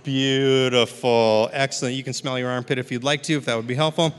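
A man's voice: medium pitch, steady tone, rapid-fire, a bit bright. A man leading a live puppetry workshop for a seated audience, upbeat and encouraging, with running jokes. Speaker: puppetry instructor. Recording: long hall reverb, speaker off mic.

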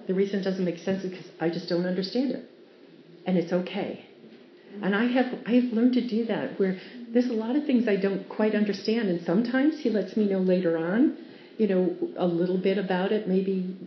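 A woman's voice: mid-range voice, a little hiss or hum. A woman giving a devotional Bible teaching, earnest and storytelling, sometimes laughing as she explains. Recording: roomy, dull lo-fi sound with faint ambience.

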